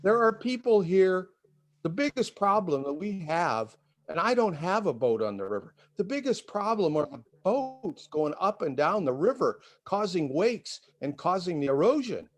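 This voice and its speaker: Older man on a video call, fired up and emotional, stumbles over words, slightly high voice. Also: very animated. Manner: indignant, emotional, halting. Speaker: resident giving public comment. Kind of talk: public comment at a meeting.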